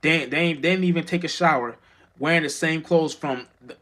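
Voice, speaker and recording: A man's voice: fairly high pitch, fairly quick, sharp tone. A man giving an unscripted spiritual monologue as a vlogger, rambling and profane, with many restarts and stammers.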